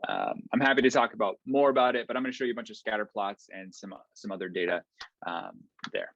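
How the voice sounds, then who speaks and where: A man giving an online academic lecture in a relaxed, explanatory way, with frequent ums and okays. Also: lowish voice, fast talker, creaky, slight background noise. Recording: dull, slightly lo-fi online lecture audio.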